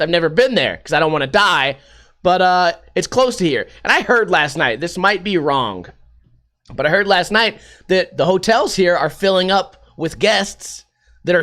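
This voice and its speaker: A man's voice: high voice, a bit bright. A man hosting a podcast, rambling through a casual, sarcastic and profane monologue. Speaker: podcast host.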